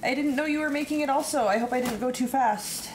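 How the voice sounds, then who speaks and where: A woman's voice: sits high, fast talker. A woman hosting a baking live stream from her home kitchen, chatting casually and playfully while she reads out the steps and jokes along. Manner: playful, joking, narrates the steps. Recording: noisy live-stream audio.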